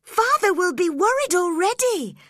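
A woman reading aloud and voicing a spirited young woman who speaks in a high, earnest, emotional way. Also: big pitch swings, moderate pace, fairly bright tone, no echo, clean studio sound, heavily acted. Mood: earnest, pleading.

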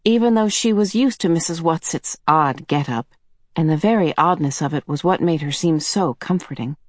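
A woman reads a chapter of a novel aloud with slow, measured storytelling. Her voice sits fairly low and is recorded dry and close. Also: dry recording. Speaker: audiobook narrator. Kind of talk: scripted narration.

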